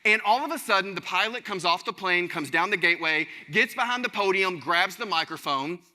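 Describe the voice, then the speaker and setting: High-voiced, bright male keynote speaker, animated stage delivery, big hall echo. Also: brisk. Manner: animated, addresses audience directly as y'all. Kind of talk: energetic keynote speech. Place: conference stage before an audience. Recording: large hall reverb.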